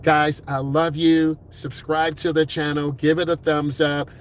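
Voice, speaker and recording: A man's voice: a little high, flat delivery, slight background noise. A middle-aged man, a driving instructor, giving upbeat, encouraging advice in a casual talk. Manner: upbeat, encouraging, puts on quick voices for quoted people.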